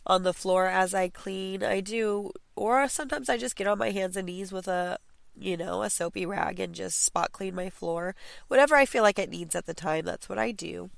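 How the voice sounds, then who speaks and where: A woman's voice: on the low side, vocal fry, fairly bright tone, clear, resonant tone, no room sound. A young adult woman hosting a casual clean-with-me podcast from home, chatty and encouraging, with many fillers and restarts. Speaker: podcast host.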